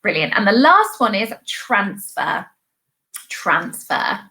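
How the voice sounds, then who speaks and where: A young woman, a primary school teacher, giving a recorded online lesson to young children with bright, encouraging, sing-song praise. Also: on the high side, big pitch swings, normal speed.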